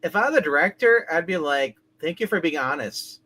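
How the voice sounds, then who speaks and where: Bright, lively-voiced man tossing in wry asides. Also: on the high side. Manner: quick wry asides and blunt opinions. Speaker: co-host. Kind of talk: casual chat.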